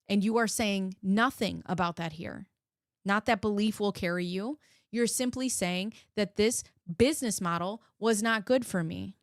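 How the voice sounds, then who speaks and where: A woman's voice: mid-range voice, no room sound. Woman, live reaction host, sarcastic, blunt, swears, dry close mic. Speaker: host reacting to video clips. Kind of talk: casual live reaction commentary.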